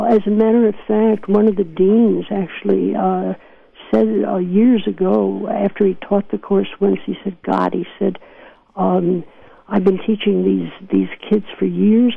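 A woman's voice: mid-range voice, steady tone, unhurried, gravelly, slightly rough, no room sound. An older woman physician with a New York accent, telling stories earnestly in an interview and laughing often. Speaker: physician guest. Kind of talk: reflective interview talk. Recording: dry tinny phone line.

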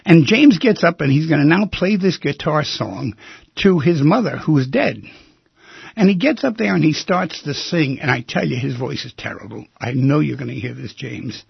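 A man hosting a radio talk show from a studio, telling a personal story in an emphatic, intimate way that swings between loud and hushed. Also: fairly high pitch, animated, normal speed, vocal fry, breathy edge, dry recording, muffled recording.

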